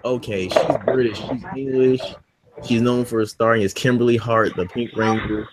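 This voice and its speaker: A man co-hosting a podcast in casual chat, loud and teasing, swearing often. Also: mid-range voice, fairly even intonation, normal speed, background noise. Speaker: podcast co-host.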